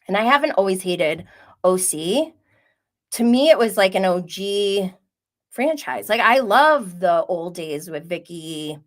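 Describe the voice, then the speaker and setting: Woman streamer, mid-pitched voice, gossipy and animated, casual live chat. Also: unhurried. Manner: animated, gossipy, laughs often, reads chat aloud. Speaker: host.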